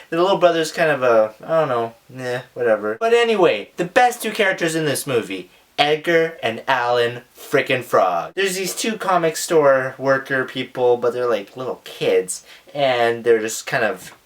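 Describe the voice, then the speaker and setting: Rambling jokey teen guy reviewing a movie. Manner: rambling, jokey, hedging with "kind of" and "I guess"; acts out characters in excited high squeals. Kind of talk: casual movie review vlog.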